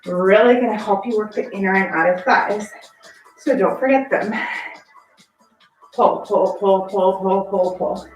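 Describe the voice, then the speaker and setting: A woman's voice: mid-range voice, a little slow, long pauses, muffled recording. Breathless woman counting barre reps. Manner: counts reps aloud with short encouraging cues. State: out of breath from exercising. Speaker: barre fitness instructor. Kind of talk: guided workout class cueing. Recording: echoey room, distant mic, faint background music.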